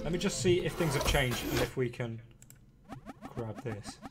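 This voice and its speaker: A man giving chatty, excitable live commentary while playing a game, talking to viewers. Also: mid-range voice, moderate pace, over loud music. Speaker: game streamer.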